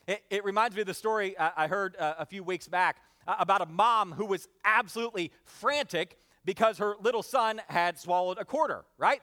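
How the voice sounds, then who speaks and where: High-voiced, energetic male pastor preaching. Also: fast talker, few pauses. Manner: energetic, calls for responses from the congregation; frequent "uh" fillers. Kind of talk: sermon.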